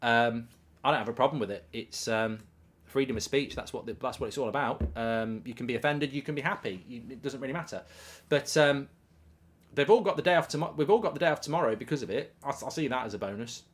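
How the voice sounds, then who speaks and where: A middle-aged man hosting a live football watchalong, chatting casually and reading out viewer comments, with loud bursts of excitement. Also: medium pitch, fast talker.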